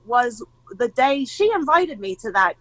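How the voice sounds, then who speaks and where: A woman in her forties with a high, bright voice, chatting in an interview. She is an animated storyteller who acts out other people's lines and laughs easily. Her voice is recorded close and dry, with no room sound. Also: unhurried, dry recording, poor audio. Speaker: guest, mother of young skateboarders. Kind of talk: casual interview chat.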